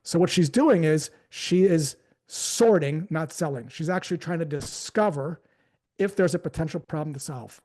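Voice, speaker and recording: Relaxed storytelling man, mellow tone. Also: fairly high pitch, moderate pace. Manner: storytelling, acting out conversations. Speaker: sales trainer. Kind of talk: live training talk.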